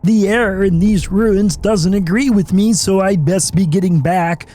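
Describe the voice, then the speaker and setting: A hoarse man voicing a nerdy old male bug shopkeeper in a fussy put-on voice, reading game dialogue aloud. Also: high voice, unhurried, dark tone. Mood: polite. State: hoarse from illness.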